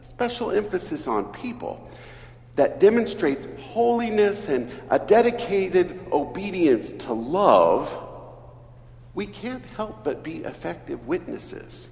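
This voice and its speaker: Priest guy preaching slow, pitch all over the place, big echoey church sound. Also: gravelly. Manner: slow, earnest preaching with lively emphasis. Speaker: Episcopal priest. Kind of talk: sermon. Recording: echoey church hall, distant mic.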